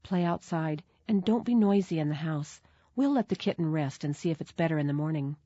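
Soft-spoken storybook mother, read by a woman, kind and gentle, low-voiced, in a dull, dry recording. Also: animated, brisk, dry recording. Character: kind, gentle mother of two young children.

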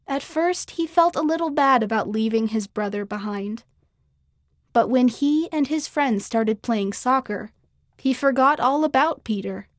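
A woman reads a children's story aloud, shaping each scene with clear, expressive storytelling. Her voice sits a little high, and the studio sound is dry and close. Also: dry recording. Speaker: narrator. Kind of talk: scripted children's story narration.

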